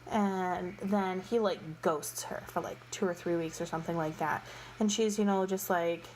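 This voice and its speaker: The reviewer's voice sits on the low side, steady and a little mellow, at a moderate pace, with a touch of hiss or hum. She chats her way through a book series in exasperated, gossipy fashion, leaning on "like" and "you know."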